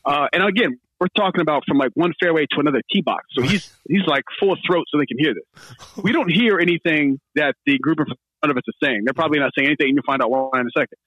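A man hosting a podcast, telling a story in a casual, animated way and acting out what others said. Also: fairly high pitch, fast talker, breathy edge, dry recording, highs cut off. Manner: animated, laughing storyteller, acts out quotes. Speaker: podcast host.

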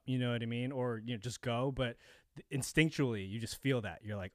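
A man's voice: medium pitch, lively intonation, fairly quick, no room sound, studio quality. A man co-hosting a podcast in casual chat, rambling with frequent restarts. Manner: rambling, restarts often, laughs. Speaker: podcast co-host.

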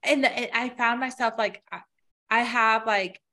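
A woman's voice: fairly high pitch, slow, sharp tone. A woman in her thirties, a mother and podcast co-host, chatting casually and rambling with lots of filler words. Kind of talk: casual chat.

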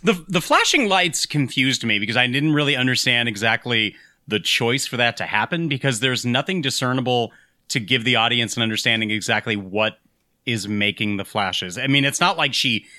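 A man's voice: medium pitch, lively intonation, moderate pace, sharp tone, no echo, studio quality. A man co-hosting a podcast, discussing a film with enthusiasm, rambling a bit as he picks apart the choices in a scene. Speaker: podcast co-host.

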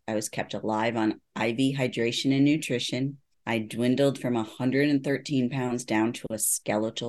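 A middle-aged woman, a neuropsychologist, giving earnest personal testimony in an interview. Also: very deep voice. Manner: earnest storytelling, acts out quoted voices. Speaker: neuropsychologist guest.

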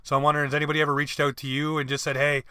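A man's voice: fairly high pitch, level tone, very fast, sharp tone, clean tone, no echo, studio quality. A man hosting a podcast, asking long, rambling questions in a casual way. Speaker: podcast host, junior hockey play-by-play caller.

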